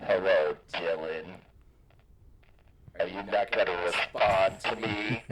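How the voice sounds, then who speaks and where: A man putting on a slow taunting masked killer. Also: low voice, fairly bright tone, slight background noise, poor audio. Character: menacing masked male killer calling his victim. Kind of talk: playful horror bit on a podcast.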